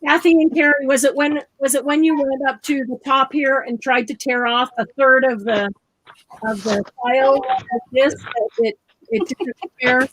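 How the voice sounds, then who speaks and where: A woman's voice: high voice, normal speed, a bit bright, slight background noise, rough recording. A woman hosting a live craft tutorial, chatting and explaining each step aloud while she works. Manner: chatty, laughs often, explains steps aloud.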